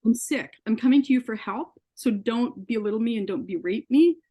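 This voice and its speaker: A woman's voice: fairly high pitch, moderate pace, mellow, slightly rough. A woman as an interview guest, earnestly telling a personal story and acting out the dialogue she quotes.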